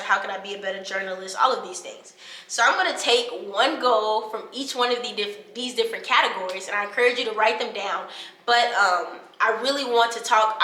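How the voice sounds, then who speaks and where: Bright-voiced chatty young woman vlogger. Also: medium pitch, echoey room. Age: 20s. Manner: chatty and animated, addresses viewers as y'all. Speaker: college student vlogger and podcaster. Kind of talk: casual vlog talking to camera.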